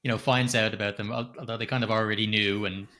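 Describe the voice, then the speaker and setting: Bright-voiced incredulous middle-aged man. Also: on the low side, fast. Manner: animated, incredulous, sweary. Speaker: podcast co-host. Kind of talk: casual film review chat.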